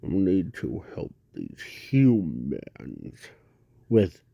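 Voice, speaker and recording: A man voicing a brooding male kaiju creature that thinks aloud in a low, slurred voice. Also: wildly swooping pitch, drawn-out words, vocal fry, dark tone, husky, dry recording, full character voice. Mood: pondering. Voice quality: low, muffled and slurred, as he says himself.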